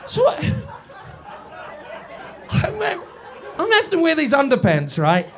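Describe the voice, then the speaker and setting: A man in his forties performing a stand-up comedy set in a village pub, swinging between booming and hushed storytelling. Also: huge pitch swings, slow, a faint crowd. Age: 40s. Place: village pub before a live audience.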